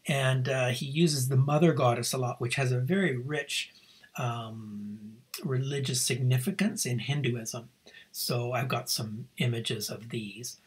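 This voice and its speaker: A man's voice: medium pitch, steady tone, measured pace, husky. A man giving a recorded lecture on a novel, talking through slides in a reflective way with frequent asides. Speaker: literature lecturer.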